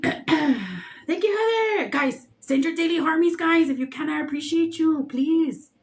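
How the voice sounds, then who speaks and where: Lively playful woman livestreaming tarot. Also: high-pitched, measured pace. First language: Spanish. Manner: playful, swears freely, slips into funny voices. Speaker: tarot reader livestream host. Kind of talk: casual livestream chat.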